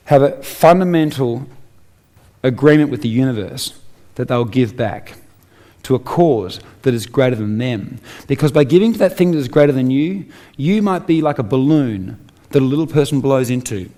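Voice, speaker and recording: A man's voice: medium pitch, warm tone. An Australian man giving an emphatic motivational speech on stage, full of rhetorical questions. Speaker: inspirational speaker.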